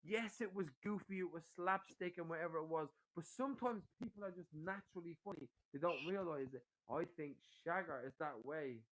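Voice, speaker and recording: A man's voice: fairly high pitch, fairly quick, few pauses, a bit bright, low-quality recording. A man in his forties chatting casually on a live stream, swearing often and pushing a friend into drinking banter. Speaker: stream guest. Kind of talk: casual chat.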